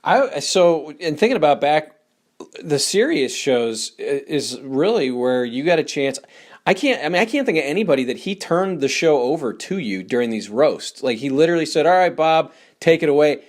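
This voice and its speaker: A man's voice: on the high side, big pitch swings, moderate pace. A man hosting a podcast, asking curious, probing questions in a conversational way. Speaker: podcast host. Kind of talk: interview questions.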